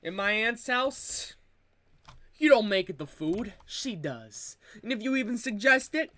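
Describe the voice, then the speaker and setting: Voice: medium pitch, very animated, unhurried, bright, forceful tone, no room sound. Someone putting on a brash Italian-American storyteller. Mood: mock-stern. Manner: choppy exaggerated Italian-American accent, comic bits. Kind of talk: comedy bits during a game stream.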